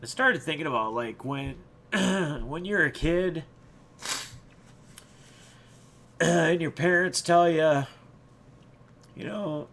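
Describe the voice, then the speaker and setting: A man's voice: on the high side, slow, long pauses, a bit bright, slight background noise. A man hosting his own channel, telling viewers a personal story in a rambling, reflective way with many restarts. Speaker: channel host.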